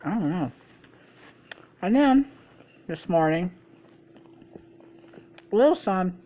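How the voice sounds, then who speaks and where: Middle-aged woman, mukbang vlogger, lowish voice, loose gossipy storytelling with cursing. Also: sing-song, takes it slowly, pauses often, dark tone. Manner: chatty, swears freely, gossipy asides. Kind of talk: casual rambling storytime.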